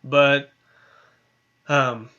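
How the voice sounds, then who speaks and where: A man's voice: mid-range voice, flat delivery, drawn-out words, bright, forceful tone, lo-fi sound. A man teaching a Bible lesson in a conversational way, often asking "right?" and using fillers. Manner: conversational, many tag questions and fillers. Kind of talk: recorded online lesson.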